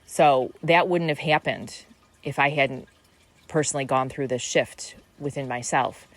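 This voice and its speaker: A woman's voice: a bass voice, measured pace. A middle-aged woman hosting a podcast, musing in a meandering spiritual monologue full of fillers and restarts. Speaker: podcast host.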